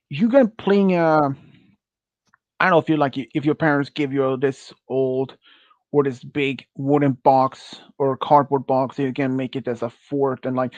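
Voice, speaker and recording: A man's voice: mid-range voice, no echo. A man chatting with friends on a stream, speaking English with a Swedish accent, rambling and correcting himself. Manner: rambling, halting, self-correcting, laughs often. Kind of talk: casual chat with friends. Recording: muffled dry close mic.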